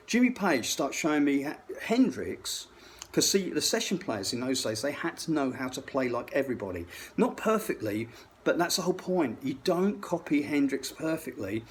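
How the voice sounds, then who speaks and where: A middle-aged man telling a rambling, profane story, full of restarts. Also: on the high side. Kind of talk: rambling anecdote.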